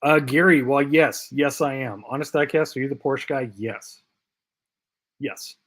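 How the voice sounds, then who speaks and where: A man's voice: mid-range voice, unhurried, fairly bright tone. A man hosting a casual live stream, reading out viewer comments in a loose, rambling way with lots of fillers and repeats. He sounds tired and short on sleep. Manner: puts on a Canadian accent as a joke. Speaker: host of a live diecast chat stream.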